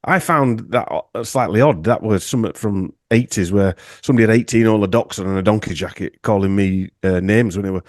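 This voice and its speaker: Co-host, lowish voice, dry close sound, wry jokes. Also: male voice, brisk, hardly any pauses, a little mellow, no room sound. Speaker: podcast co-host. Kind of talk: casual roundtable chat.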